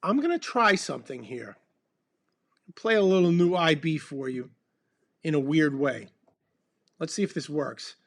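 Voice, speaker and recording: A man in his fifties, a band member, hosts a casual livestream chat while sipping bourbon, rambling in a laid-back way with plenty of ums. His voice sits fairly high and sounds animated, moving a little slowly with long pauses.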